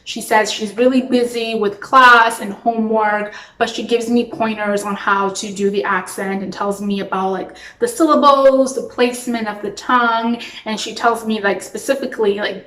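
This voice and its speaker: A woman's voice: a little high, moderate pace, few pauses. Chatty young woman, echoey room. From Toronto, Canada. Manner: chatty and expressive, frequent "like". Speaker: actress. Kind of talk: storytime vlog.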